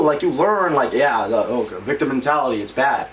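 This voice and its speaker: A man's voice: medium pitch, animated, brisk, fairly bright tone. A young man co-hosting a podcast, talking frankly in a rambling way with many fillers. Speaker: podcast co-host. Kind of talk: casual chat. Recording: echoey room, distant mic, faint noise.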